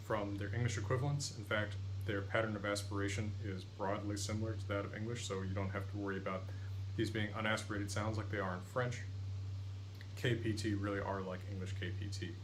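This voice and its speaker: A man's voice: fairly low pitch, fairly even intonation, brisk, a little hiss or hum, poor audio. A man teaching pronunciation in a lesson video, patiently demonstrating each sound. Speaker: language teacher.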